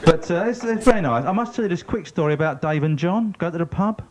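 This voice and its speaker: A man's voice: high-pitched, expressive, quick pace. A man doing stand-up one-liners on a club stage, with a hesitant delivery full of fillers. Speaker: stand-up comedian. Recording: dull, noisy TV broadcast recording.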